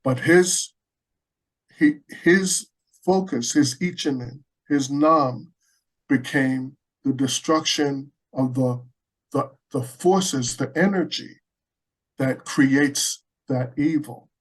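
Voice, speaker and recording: A man's voice: mid-range voice, takes it slowly, rough recording. A man from the United States, a Buddhist practitioner, telling a story in a conversational interview with earnest animation and frequent restarts.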